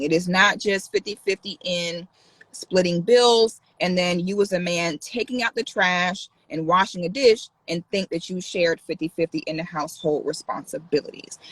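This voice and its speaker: A woman talking in a casual livestream vlog, animated and sassy. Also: mid-range voice, dry recording, poor audio. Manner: animated, sassy, exaggerated outbursts. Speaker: vlogger.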